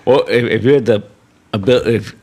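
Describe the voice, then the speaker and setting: A man's voice: lowish voice, moderate pace. A man co-hosting a podcast, joking around in casual commentary chat. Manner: joking, animated. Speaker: podcast co-host.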